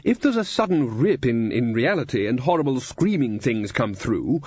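A man's voice: mid-range voice, big pitch swings, moderate pace, a little mellow, slightly rough, dry recording, lo-fi sound. A man voicing a blustering, muddled old male wizard leader.

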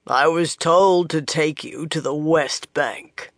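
A narrator voicing a grizzled, scowling male soldier who speaks gruffly in a deep, gravelly voice. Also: takes it slowly, no echo, studio quality. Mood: stern. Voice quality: gruff and curt.

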